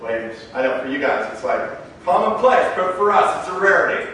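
A man preaching a sermon as a pastor, telling stories in an animated way and acting out the dialogue. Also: high-pitched, fairly quick. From Canada. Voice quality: animated storyteller who acts out the dialogue in his stories. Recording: very echoey hall, mic far off, faint background noise.

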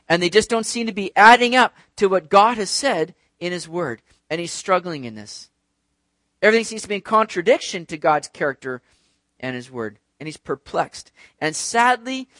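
Man preaching, fairly high voice, super dry sound, talks right at the congregation, gets loud then quiet. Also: dry recording. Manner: animated preaching, swinging between loud and soft; speaks directly to the congregation. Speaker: pastor. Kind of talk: sermon.

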